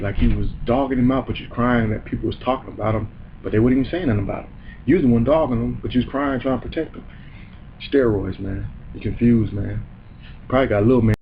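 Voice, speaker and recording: A man's voice: mid-range voice, highs cut off, a little hiss or hum. A man hosting a comedy show, delivering a heated, profane and mocking rant. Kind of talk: ranting comedic commentary.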